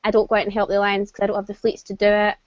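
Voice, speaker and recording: A woman's voice: medium pitch, monotone, rapid-fire, lo-fi sound, crowd noise. A woman in a casual group discussion, answering hesitantly with ums. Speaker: panelist.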